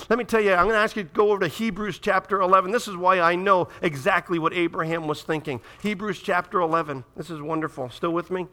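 A man preaching a sermon to a congregation, reading scripture aloud and swinging from loud, urgent passages to hushed, dramatic ones. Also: high-pitched, fairly even intonation, fast talker, hardly any pauses. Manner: reads scripture aloud, addresses the congregation directly. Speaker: pastor.

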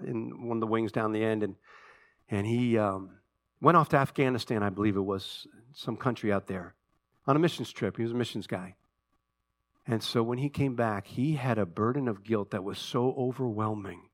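A man preaching a sermon in a church. He speaks earnestly, builds to impassioned emphasis, then drops to a quiet, prayerful voice. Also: mid-range voice, creaky. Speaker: pastor. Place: church sanctuary.

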